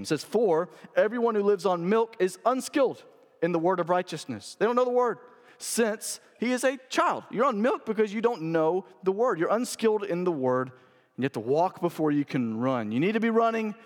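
A male pastor preaching a sermon, stressing key phrases by repeating them and moving from loud to hushed. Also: a little high. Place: church sanctuary. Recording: long reverb of a church hall.

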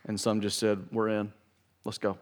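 A man's voice: lowish voice, level tone, moderate pace. A man preaching a sermon to his church, emphatic and pleading, stressing key phrases. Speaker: pastor. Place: church sanctuary.

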